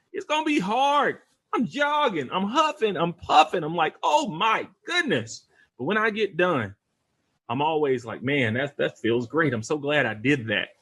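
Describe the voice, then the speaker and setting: A husky-voiced man talks straight to his listeners in a motivational podcast. His pitch sits a bit high and leaps around with lively energy, in the rhythm of a pep-talk preacher. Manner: animated, preacher-like, addresses listeners as y'all. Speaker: podcast host and real estate investor.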